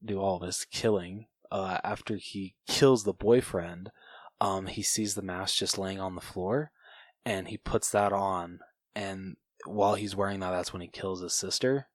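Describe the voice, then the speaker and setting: A man's voice: low-pitched, steady tone, a little slow, dry recording. A man co-hosting a casual podcast chat at a house, laid-back and chatty. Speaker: podcast co-host. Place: house at night.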